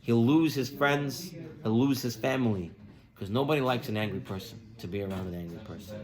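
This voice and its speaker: A man giving a sermon as a rabbi. He is an animated storyteller who acts out the people in his stories and drops his voice quiet to stress a lesson. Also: medium pitch, brisk.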